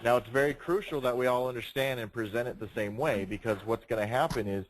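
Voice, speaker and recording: Guy running sales training, loud and emphatic, keeps asking "right?", noisy room. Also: medium pitch, fast. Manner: emphatic, projecting, asks rhetorical questions.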